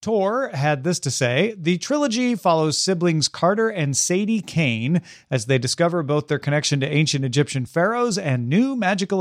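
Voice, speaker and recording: A man co-hosts a book podcast, relaxed and joking, with plenty of "uh" fillers. His voice sits somewhat high for a man. The sound is dry and close. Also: no echo. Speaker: podcast co-host. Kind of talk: casual chat, reading listener news.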